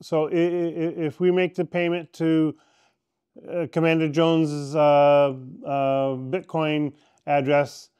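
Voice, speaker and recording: A man with a smooth, clear voice pitched a little high speaks hesitantly. He stammers and restarts his sentences as a guest on the show. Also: little pitch movement, slow pace, a little mellow.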